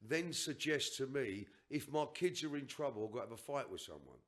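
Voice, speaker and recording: A man's voice: medium pitch, sing-song, brisk, fairly bright tone. An older man on a podcast, telling a personal story in an emphatic, rambling way with restarts and asides. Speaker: podcast guest.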